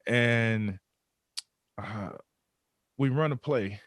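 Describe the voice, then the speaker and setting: Extremely slow and medium-pitched, the man's voice comes without room sound. He's a former pro football player on a podcast, telling a story in a casual interview and repeating words as he works up to the point.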